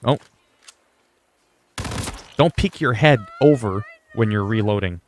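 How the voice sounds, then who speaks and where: A man's voice: on the low side, slow, slight background noise. A man, livestreaming and chatting casually while gaming, rambling and joking playfully. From Canada.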